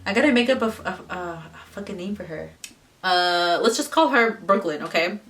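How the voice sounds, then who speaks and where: A woman's voice: on the low side, expressive, moderate pace, a bit bright, recorded from a distance, slight background noise. A young woman in her twenties, chatting casually to camera as a vlogger, swearing freely and slipping into the voices of the people in her story. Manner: chatty, swearing, mimics others in quotes.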